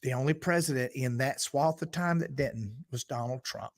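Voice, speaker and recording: A man's voice: mid-range voice, normal speed, no room sound. A man giving an unscripted political monologue, emphatic and full of fillers and restarts, rising in force on his key points. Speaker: preacher giving political commentary.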